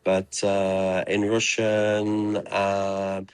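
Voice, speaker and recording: A man's voice: fairly low pitch, moderate pace, no room sound. A man answering interview questions casually, hesitant and full of fillers.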